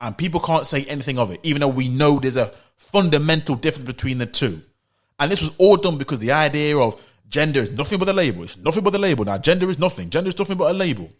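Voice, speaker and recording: This British opinion vlogger from the United Kingdom delivers a commentary monologue in a fairly high-pitched voice with lively intonation, talking fast. He is insistent and emphatic, hammering his points home through rhetorical questions and repetition.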